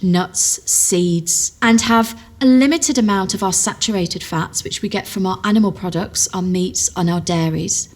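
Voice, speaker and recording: Woman explaining nutrition with examples. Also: medium pitch. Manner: clear, explanatory, uses everyday examples. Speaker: nutritional therapist. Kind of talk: explanatory talk.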